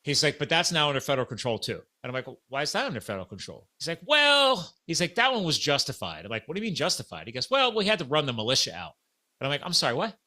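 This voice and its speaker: The middle-aged host talks rapid-fire at a medium pitch while telling a story on his podcast. It's casual chat, lively and animated, with the quoted dialogue acted out.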